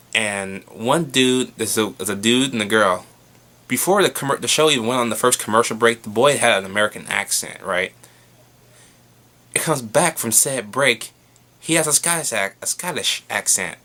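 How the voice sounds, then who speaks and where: Excitable, bright-voiced man reviewing a show. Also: lowish voice. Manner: excitable, profane, chatty. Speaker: TV episode reviewer. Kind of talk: casual review vlog.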